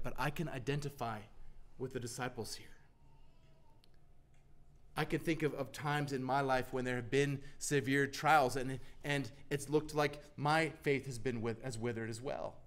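Earnest preacher man, loud to hushed. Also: fairly high pitch. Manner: earnest, swings from loud emphasis to hushed, near-whispered lines. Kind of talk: sermon.

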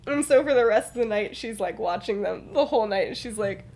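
A woman's voice: mid-range voice, expressive, fairly quick, darkish tone, a little hiss or hum. A young woman co-hosting a podcast, casually retelling a fan story and acting out the characters' lines, often laughing. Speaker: podcast co-host.

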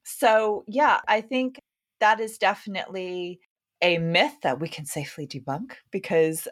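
A woman's voice: medium pitch, a little slow. A woman talent agent answering questions frankly and upbeat in a casual panel chat. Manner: frank, upbeat, laughs easily.

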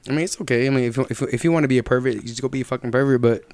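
A man chatting casually on a podcast, swearing freely and bantering in an animated way. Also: medium pitch, racing, no echo. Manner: profane, animated, agreeable banter.

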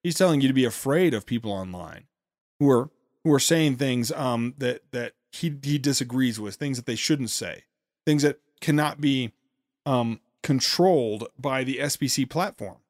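A man's voice: mid-range voice, dry recording. Sarcastic male podcast host with a dry sound. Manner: sarcastic, with many halting restarts. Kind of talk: critical commentary on a played speech.

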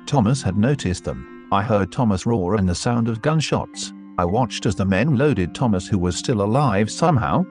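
A man's voice: fairly low pitch, darkish tone. A man narrating a first-person horror story and voicing its dialogue. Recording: faint music underneath.

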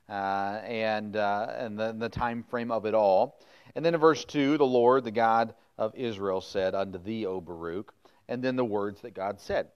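A man's voice: mid-range voice, smooth, lo-fi sound. A middle-aged man preaching casually, reading old-style scripture and then explaining it in a folksy, chatty way with frequent fillers. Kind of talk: casual sermon with Bible reading.

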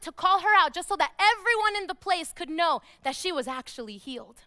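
Woman pastor, high and bright, emphatic sermon delivery with hushed repetitions. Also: lively intonation, a little fast, hardly any pauses. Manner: emphatic, dropping to hushed repeated phrases.

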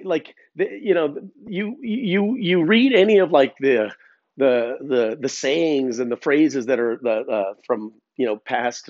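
A slightly high-voiced man hosts a podcast, rambling through a casual, swear-heavy rant with many stuttered restarts and filler words. The recording is dry, dull and lo-fi.

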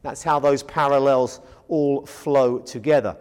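A man's voice: mid-range voice, steady tone, unhurried, a little mellow, clean tone, big-room sound, rough recording. A man teaching a Bible study lecture, emphatic, asking rhetorical questions and answering them himself.

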